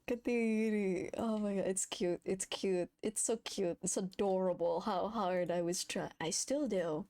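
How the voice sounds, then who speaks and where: A woman's voice: medium pitch, takes it slowly, warm tone. A woman streamer chatting casually and giggling at her own old footage, self-mocking and full of exclamations. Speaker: VTuber streamer.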